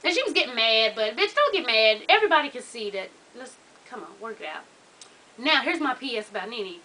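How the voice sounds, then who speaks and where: Sassy high-voiced woman gossiping. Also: lively intonation, a little fast. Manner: sassy, loud laughs, quotes people in put-on voices. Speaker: reality show recap vlogger. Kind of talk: casual profane gossip recap.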